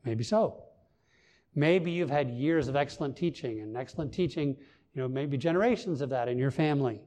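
Delivering a sermon at normal speed, a male pastor speaks in a dark-toned, mid-range voice. His preaching is earnest and emphatic, with stresses that rise as he lifts his voice on important points.

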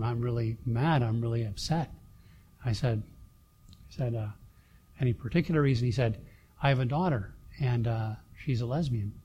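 A middle-aged man, a pastor, telling a personal story in a sermon, halting with many fillers and restarts. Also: medium pitch, a little mellow.

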